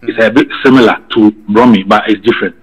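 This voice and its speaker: A man's voice: fairly low pitch, steady tone, fast, slightly rough, muffled recording. A Ghanaian man talking casually, switching between Twi and English and often repeating his words. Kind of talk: casual chat. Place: living abroad in England.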